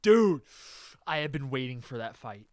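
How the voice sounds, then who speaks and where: A man hosts a casual podcast chat, swearing freely and getting worked up. His pitch swings widely as he rants, and the sound is dry and close. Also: normal speed, no echo. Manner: excitable, profane, animated. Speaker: podcast host.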